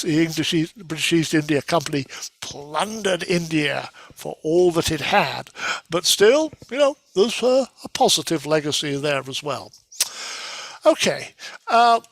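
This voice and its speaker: A man's voice: a little high, fairly bright tone, no room sound. A man giving a casual lecture from slides, talking conversationally with many fillers and restarts.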